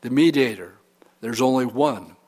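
A man's voice: mid-range voice, expressive, normal speed, a little mellow. A pastor preaching a sermon in a conversational, humorous way, acting out examples as he goes. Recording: reverberant hall.

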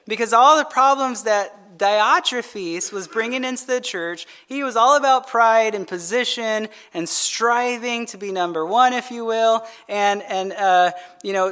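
Conversational pastor preaching a sermon. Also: male voice, high voice, bright, forceful tone. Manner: conversational, keeps asking "right?"; jokey asides to the congregation.

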